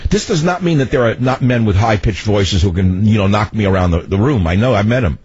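An older man hosting political talk radio, ranting in a loud, commanding voice. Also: fairly low pitch, lively intonation, brisk, dry recording. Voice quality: husky. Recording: dull lo-fi radio broadcast.

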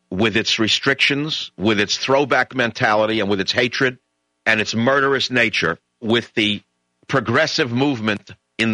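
A man's voice: lowish voice, sharp tone, no room sound, rough recording. A middle-aged man delivering an emphatic, indignant talk radio monologue, lecturing his listeners and running through long lists.

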